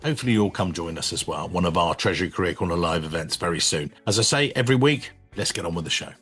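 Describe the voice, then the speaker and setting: A male podcast host delivers an upbeat, scripted introduction in a fairly low voice. Soft music plays behind him. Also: animated, fast talker.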